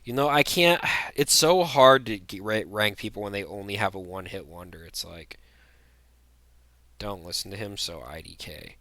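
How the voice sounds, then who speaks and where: A man's voice: on the low side, normal speed, a bit bright, no room sound. A young man giving blunt, rambling tier-list commentary, full of fillers and restarts. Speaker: vlogger.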